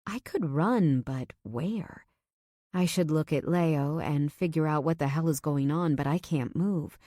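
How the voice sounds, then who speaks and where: Brief: woman audiobook narrator, low voice, tense and measured, dry close mic. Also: warm tone, dry recording. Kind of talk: first-person audiobook narration.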